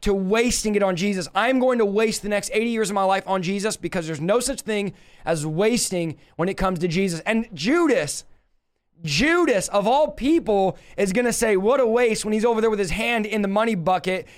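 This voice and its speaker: A young man preaching on a livestream, energetic and emphatic, reading scripture and exhorting his viewers. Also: sits high, normal speed. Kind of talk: livestream Bible teaching.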